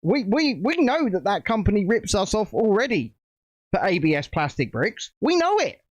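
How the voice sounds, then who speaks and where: A man's voice: sits high, big pitch swings, moderate pace, dry recording, highs cut off. A British man hosting a casual livestream, chatting and rambling while building a set at home. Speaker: livestream host.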